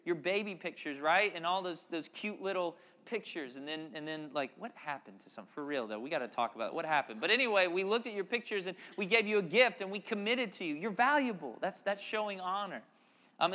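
A man preaching a sermon as a pastor, conversational and animated, with playful asides to the congregation. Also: high voice, brisk, in a large hall.

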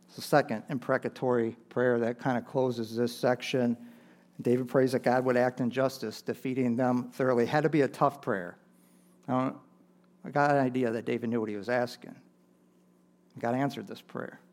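A man's voice: mid-range voice, darkish tone. A man preaching a sermon, reading Scripture aloud with rising emphasis and chuckling between points. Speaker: pastor.

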